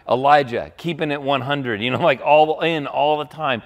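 A man, a pastor, preaching a sermon with animated storytelling, acting out quoted lines. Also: medium pitch, a little slow, hardly any pauses.

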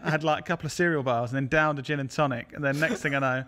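A man's voice: on the high side, steady tone, racing, fairly bright tone. Rambling, anecdotal male podcast co-host. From England. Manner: rambling storyteller, mimics people in quotes. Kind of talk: casual chat.

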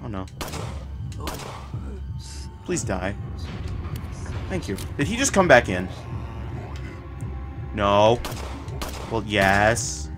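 A man giving casual, profane commentary while he plays, swearing often and blurting out quick reactions. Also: on the low side, sing-song, music in the background. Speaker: gameplay streamer.

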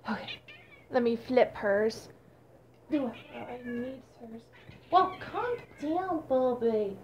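A woman's voice: fairly high pitch, lively intonation, slow, dull audio, a little hiss or hum. A woman vlogging in a casual, chatty way indoors at her grandmother's house, cooing baby talk at her cat and teasing it playfully. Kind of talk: casual vlog chat.

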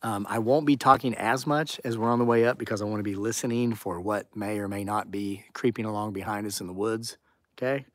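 A man's voice: on the low side, steady tone, brisk, dry recording. A man hosting a live stream outdoors at dusk, chatting casually and reading viewer comments aloud. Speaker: channel host on a live stream. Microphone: phone or camera on a tripod.

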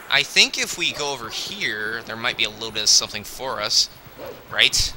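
A man's voice: medium pitch, moderate pace, sharp tone, slight background noise. A young man giving casual, joking game commentary, chatty and a bit grumbly.

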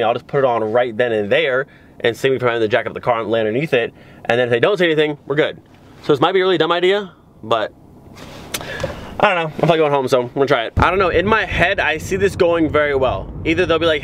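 A man's voice: medium pitch, a bit bright. A young man filming a casual car vlog, talking in a rambling, exasperated way with many filler words. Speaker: car vlogger.

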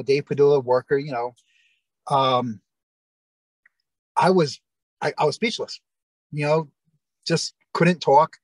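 A man's voice: fairly high pitch, no room sound, low-quality recording. A man, a guest in an interview, telling a long story in a rambling way with many fillers and restarts, acting out other people's lines.

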